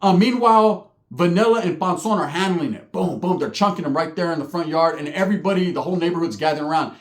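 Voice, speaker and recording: A man's voice: on the high side, fast talker, roomy sound. A middle-aged man telling a story in casual street slang, with lots of cursing and a habit of asking "right?". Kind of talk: casual storytelling with acted quotes.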